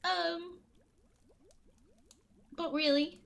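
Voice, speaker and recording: A woman's voice: very high-pitched, steady tone, extremely slow, vocal fry, a bit bright. A woman streaming live, chatting casually with her viewers, nervous and pleading, laughing often and repeating herself. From US Midwest. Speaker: streamer reading folktales.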